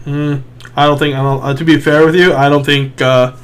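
A young man talks in a loose, casual chat with a fairly high voice. He laughs often and swears freely. He slips into other voices to act out people in his stories. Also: level tone, a little fast, smooth.

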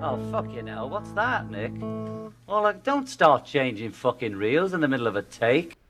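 A man's voice: medium pitch, big pitch swings, normal speed, pitched above the performer's own voice, lightly acted. A man putting on an irritated male filmmaker on set, swearing in exasperation. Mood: exasperated. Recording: loud music behind, voice off-mic.

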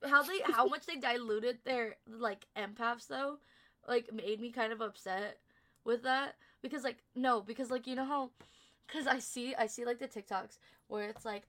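A young woman with a slightly raised pitch co-hosts a casual chat podcast. She talks bluntly, swears freely, and laughs often. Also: normal speed, a bit bright. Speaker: podcast co-host.

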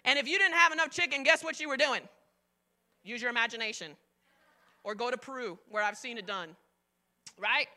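A middle-aged woman pastor delivers a sermon, telling the story energetically and acting out the quotes while swinging between loud and soft. Her voice is a little high and brisk, broken by long pauses.

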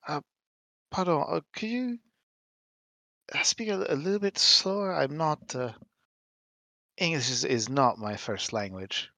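A man voicing a French gentleman adventurer who speaks halting English with a heavy French accent. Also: fairly high pitch, lively intonation, no room sound, pitched above the performer's own voice, heavily acted. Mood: sheepish.

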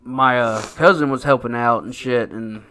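A man with a mid-range voice and a sharp tone co-hosts a podcast at a moderate pace, with a little hiss or hum in the audio. Chatting casually, he tells a rambling story packed with swearing and the fillers "like" and "you know."

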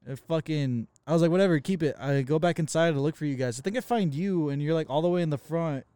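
A man's voice: on the high side, quick pace, clear, resonant tone, no echo. A man co-hosting a podcast, telling a story in casual chat, swearing often and acting out what people said. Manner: profane, animated, acts out quoted dialogue. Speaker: podcast co-host.

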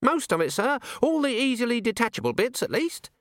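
Cheery Littlebottom, a man doing a high nervous dwarf. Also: very animated, a little fast, fairly bright tone, no echo, studio quality, heavily acted. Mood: nervous, earnest. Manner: hesitant, polite, keeps adding sir. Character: nervous young dwarf alchemist, eager, earnest. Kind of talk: audiobook character voice.

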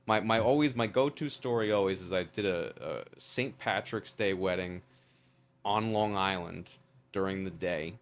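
A middle-aged man with a New York accent, swapping stories on a podcast. His voice sits a little low, and he tells each one with animation and laughter. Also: normal speed. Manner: storytelling, animated, frequent laughs. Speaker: podcast guest, wedding photographer. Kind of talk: casual chat.

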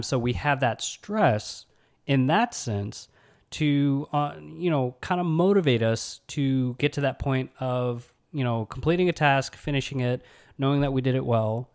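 A man's voice: mid-range voice, a little mellow. Chatty man, podcast host. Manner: conversational, many "you know" and "right?" fillers. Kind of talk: casual advice talk.

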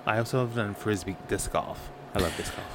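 A man co-hosting a casual podcast chat, raspy from an early-morning unwarmed voice, playful and dramatic. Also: on the low side, brisk, background noise. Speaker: podcast co-host.

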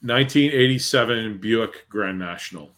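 A man's voice: fairly low pitch, normal speed, fairly bright tone. A man chatting on a podcast, rambling with hesitant restarts that trail off. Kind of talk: casual chat.

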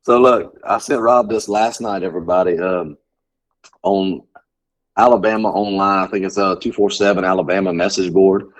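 A man's voice: deep voice, moderate pace, low-quality recording. A man co-hosting a casual sports chat, telling stories animatedly and laughing often. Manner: animated storyteller, acts out quotes, laughs often. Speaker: podcast co-host.

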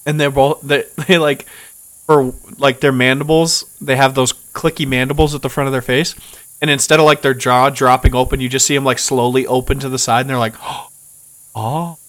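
A man's voice: mid-range voice, flat delivery, brisk, fairly bright tone, poor audio. A man narrating as game master of a tabletop game, laid-back, swearing casually and chuckling as he describes the scene.

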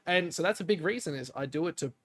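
A young man co-hosting a podcast, telling stories in a lively way, acting out quotes and swearing casually. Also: on the high side, fast talker, slightly rough. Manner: animated storytelling, acts out quotes. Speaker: podcast co-host, streamer.

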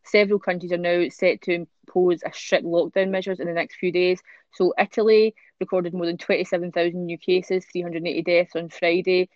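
A woman's voice: lowish voice, flat delivery, fairly quick, a little mellow, no room sound, muffled recording. A woman hosting a podcast, chatting casually with many fillers and reading out newspaper stories. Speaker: podcast host.

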